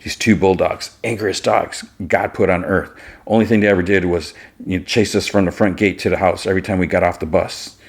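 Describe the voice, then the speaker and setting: A man playing a weary middle-aged brother with a wry, tired delivery. The voice is low and stays near the reader's own. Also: steady tone, a little fast, husky.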